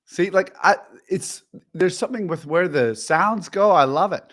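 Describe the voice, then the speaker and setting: A man's voice: sits high, moderate pace, fairly bright tone. Chatty rambling podcast co-host man. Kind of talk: casual chat.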